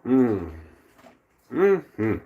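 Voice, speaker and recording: Man, livestream host, slow unhurried rambling chat, frequent chuckles. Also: mid-range voice, very animated, breathy edge, narrow, tinny audio. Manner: rambling, halting, chuckles often. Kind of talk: casual chat with live viewers. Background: fireworks popping outside.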